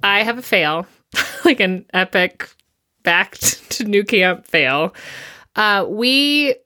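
A woman's voice: mid-range voice, lively intonation, slow, sharp tone, no room sound, studio quality. A woman co-hosting a parenting podcast in casual chat, laughing often between remarks. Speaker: podcast co-host.

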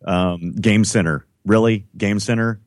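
A man co-hosting a casual podcast chat, teasing his co-host and mimicking other people in a lively way. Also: fairly low pitch, a little slow, no echo, clean studio sound.

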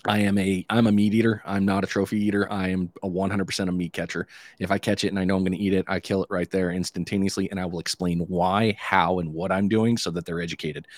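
Deep-voiced man chatting, dry sound. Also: little pitch movement, fast talker, no echo. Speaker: podcast guest. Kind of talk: casual podcast chat.

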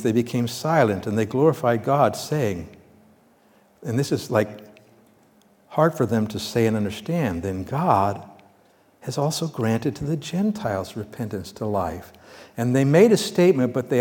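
A man preaching a sermon, teaching through scripture in a conversational way, asking his listeners questions and swinging between loud emphatic bursts and quiet asides. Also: medium pitch. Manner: conversational, asks the congregation questions. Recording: long reverb of a large hall.

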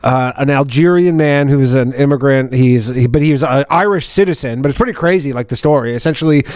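A man's voice: mid-range voice, fairly quick, a little mellow, dry recording. A man co-hosting a podcast, telling a story in a rambling, casual way. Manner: rambling, lots of "like" fillers. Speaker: podcast co-host. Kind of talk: casual chat.

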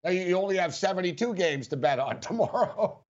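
A man's voice: high voice, expressive, fairly quick, muffled recording. A man hosting a sports betting radio show, rambling casually with frequent chuckles.

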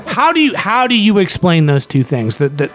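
A man's voice: sits high, wildly swooping pitch, normal speed, fairly bright tone, soft background music. A man in casual podcast chat, ranting animatedly with heavy swearing. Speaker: podcast co-host.

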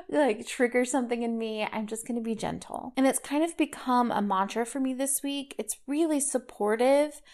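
A woman in her thirties hosts a solo podcast in a loose, chatty way. She talks through her thoughts reflectively and scatters "like" and "kind of" through her sentences. Her voice sits a little on the high side. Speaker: podcast host. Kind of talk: casual solo podcast chat.

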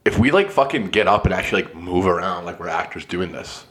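Lively, swearing male podcast host. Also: deep voice, a little fast. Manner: profane, animated. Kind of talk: casual comedy banter. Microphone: cheap podcast mics.

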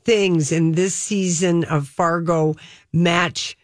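A woman co-hosting a radio talk show, animated and playful, reacting with exclamations in casual chat. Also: lowish voice, takes it slowly, dry recording, studio quality.

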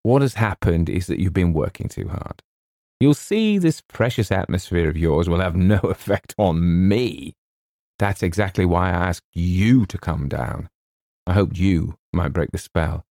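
A man voicing a gruff middle-aged Scottish literary agent with a quavering voice, blunt and then tearfully wistful. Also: sits low, lively intonation, measured pace, a little mellow, dry recording, studio quality. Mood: brisk, scoffing.

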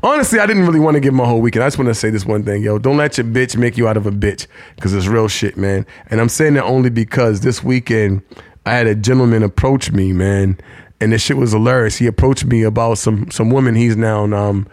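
A man's voice: lowish voice, brisk, darkish tone. A man telling a profane story in a casual podcast chat, acting out what people said and laughing often. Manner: profane storytelling, acts out quotes, laughs a lot. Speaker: podcast co-host.

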